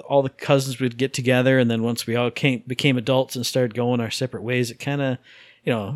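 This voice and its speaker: A man of middling pitch co-hosts a podcast in relaxed, casual chat. He tells stories in an animated, jokey way and acts out the sounds as he goes. The recording is dry and close. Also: no echo. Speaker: podcast co-host.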